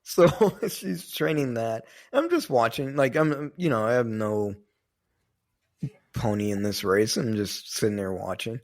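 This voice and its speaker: Man, podcast co-host, rambling casual storyteller, plenty of ums, middle-pitched voice. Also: animated, measured pace. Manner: rambling, with many fillers and casual swearing.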